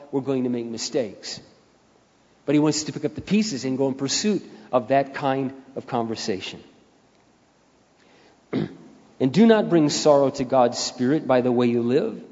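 Emphatic older male preacher in reverberant hall. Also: mid-range voice. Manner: emphatic preacher who swings between soft storytelling and loud rising appeals. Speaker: pastor. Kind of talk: sermon. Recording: dull sound with long hall reverb.

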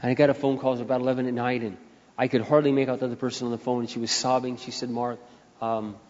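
A man's voice: medium pitch, little pitch movement, rapid-fire. Emphatic older male preacher in reverberant hall. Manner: emphatic preacher who swings between soft storytelling and loud rising appeals. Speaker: pastor. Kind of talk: sermon. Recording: dull sound with long hall reverb.

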